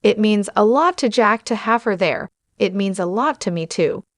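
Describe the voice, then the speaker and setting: A woman's voice: medium pitch, lively intonation, normal speed, no room sound, clean studio sound, lightly acted. A woman reading the lines of a devoted sister who speaks sincerely.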